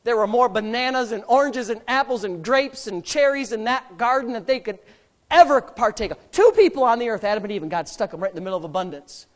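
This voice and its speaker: A male pastor preaching with great emphasis, his pitch rising and falling widely. He fires rhetorical questions and swings from quiet, confiding asides to shouted peaks. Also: lively intonation, fast. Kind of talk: sermon.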